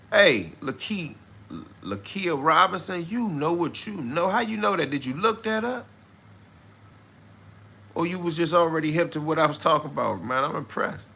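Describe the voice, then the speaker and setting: Man, livestream host, gravelly, bright, casual slangy chat. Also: a little high. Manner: loose slangy commentary, greets viewers. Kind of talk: casual live-stream talk reading chat.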